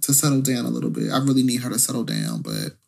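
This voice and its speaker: A young man on a chatty podcast, his pitch leaping up and down as he tells a story. He talks loosely and rambles, full of fillers and swearing. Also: quick pace, gravelly. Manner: animated storytelling, frequent fillers and profanity. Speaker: podcast co-host. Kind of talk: casual podcast chat.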